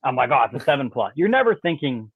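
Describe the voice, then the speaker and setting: A man, a podcast guest, telling a story in an animated, rambling way, filling with "like" and "you know" and mimicking sounds. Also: medium pitch, quick pace, slightly rough, no echo. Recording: tinny dry phone-like line.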